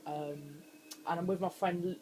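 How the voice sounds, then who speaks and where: A young man giving let's play commentary on a horror game, jumpy and quick to scream when startled. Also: on the high side, steady tone, a little mellow, a little hiss or hum. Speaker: gaming channel host.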